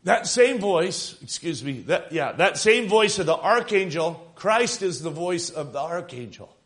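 A man preaching a sermon, stressing phrases with swings of loudness and calling out questions to the congregation. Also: high voice, lively intonation, a little slow. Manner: emphatic, rising and falling for emphasis, calls out to the congregation.

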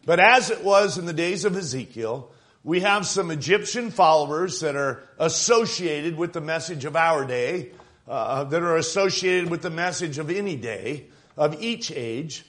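A man's voice: a little high, animated, normal speed, fairly bright tone. A male pastor giving an emphatic evening sermon, repeating phrases and asking his congregation "right?".

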